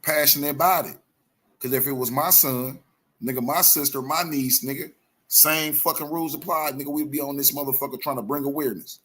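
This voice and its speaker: A man rants through heated, profane commentary on his own live show. He circles back to the same phrases over and over with raw passion. His voice sits at an ordinary middle pitch. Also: steady tone, fairly quick, fairly bright tone. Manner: profane, repetitive, impassioned ranting. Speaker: host of a live online show.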